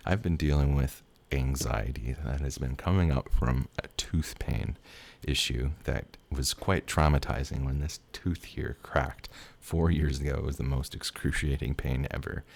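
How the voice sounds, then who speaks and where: A young man with an extremely low, gravelly voice tells a personal story in a loose, rambling way. He talks candidly as a tarot reader, laughs often and swears freely. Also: measured pace, darkish tone.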